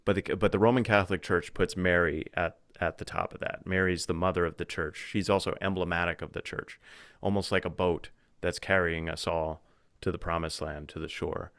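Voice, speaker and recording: A man talking as a podcast guest in a casual conversation, thinking aloud with restarts and growing animated when he retells stories. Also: low-pitched, fairly quick, no room sound. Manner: thoughtful, with frequent restarts and fillers.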